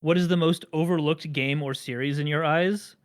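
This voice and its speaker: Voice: mid-range voice, steady tone, moderate pace, smooth. A podcast host chatting casually, rambling through explanations with dry jokes.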